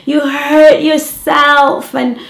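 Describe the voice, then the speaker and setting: A woman's voice: sits high, level tone, very slow, creaky, a bit bright, pitched above the performer's own voice, heavily acted. A woman voicing fussing preschool teachers who baby a hurt child in a sing-song voice. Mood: gushing. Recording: echoey room.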